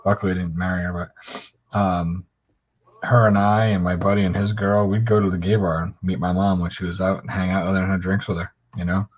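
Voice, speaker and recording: A man's voice: sits low, level tone, brisk, slight background noise. A middle-aged man telling a long, profane anecdote in casual chat on a live stream. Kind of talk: casual storytelling.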